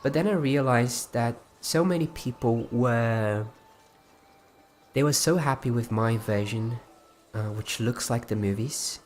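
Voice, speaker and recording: A man's voice: medium pitch, unhurried, slight background noise. A man hosting a casual livestream, chatting loosely with frequent restarts while walking viewers through his creation. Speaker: livestream host.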